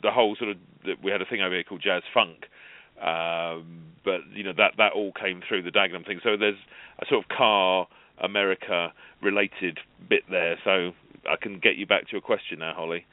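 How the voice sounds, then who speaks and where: A low-voiced man talks as a guest author, rambling through anecdotes and often restarting his sentences. The sound is thin and phone-like, with no room around it. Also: steady tone, moderate pace, no room sound. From England. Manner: rambling, self-correcting storyteller. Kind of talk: casual radio interview. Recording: narrow phone-like line, dry.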